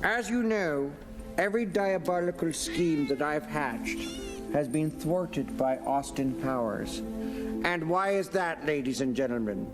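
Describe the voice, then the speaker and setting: An actor playing a pompous, scheming male supervillain who speaks deadpan with theatrical pauses. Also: a little high, lightly acted. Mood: smug. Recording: film audio with reverb and music.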